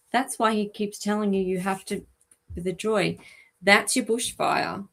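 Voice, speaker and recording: A woman hosting a live stream as an animal communicator, talking gently and chattily with many ums and asides. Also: mid-range voice, fairly even intonation, a little slow, gravelly. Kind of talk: live-stream reading for viewers.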